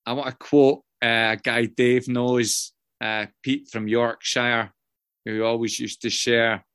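A man sharing a personal story with a group in a rambling, self-mocking way, swearing often and filling pauses with ums. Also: mid-range voice, little pitch movement, a bit bright, clean tone, dry recording, studio quality. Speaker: guest speaker sharing his story. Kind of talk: casual personal share to a group.

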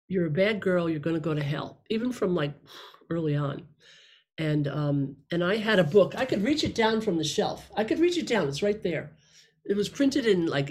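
A woman's voice: fairly low pitch, husky. Middle-aged woman, candid rambling testimony, speaking to a room. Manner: candid, rambling, self-deprecating. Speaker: speaker sharing her story. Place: room with listeners.

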